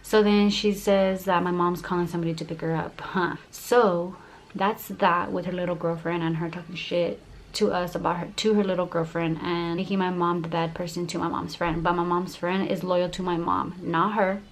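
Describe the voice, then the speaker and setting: A woman's voice: on the low side, little pitch movement, moderate pace. A young woman telling a heated storytime vlog, profane and full of "like" fillers. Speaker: YouTuber.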